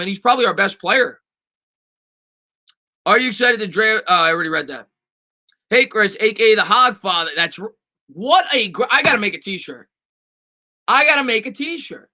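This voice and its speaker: A man with a very bright, forceful and rather high voice, chatting casually on a live stream. He reads questions from the chat and answers them off the cuff, stumbling through restarts and "um"s. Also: expressive, moderate pace, low-quality recording.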